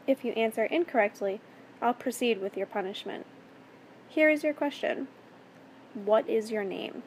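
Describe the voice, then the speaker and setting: A woman reading the part of a menacing man in an audio story, cold and controlled, his menace kept under a level, measured delivery. The voice sits fairly high, with a faint hiss behind it. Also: close to an everyday voice, poor audio. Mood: cold calm. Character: calm, menacing adult male captor.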